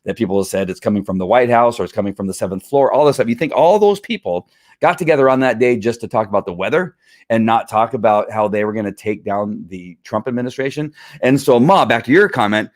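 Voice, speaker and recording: A man's voice: lowish voice, fast. A man hosts a live online show and talks in a heated, rambling way. He keeps restarting his sentences, stops to read out viewer comments, and pushes back hard at people who disagree with him. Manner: fired-up, talks back to critics, many restarts. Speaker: livestream host. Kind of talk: casual opinion livestream.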